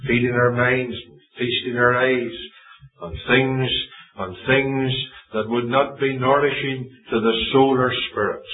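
A man preaching a sermon as a visiting preacher, earnest and emphatic, slowing down on key phrases. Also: mid-range voice. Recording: distant, echoey, phone-like sound.

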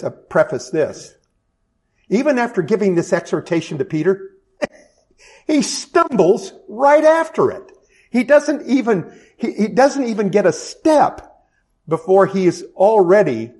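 A middle-aged pastor with a high-pitched, darkish voice preaches a sermon. He keeps it conversational, adding self-deprecating asides and frequently restarting his sentences.

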